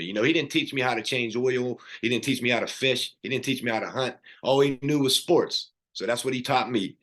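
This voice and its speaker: A man's voice: medium pitch, fairly bright tone. A middle-aged man, a podcast guest, earnestly telling his life story in casual conversation, rambling with fillers and restarts.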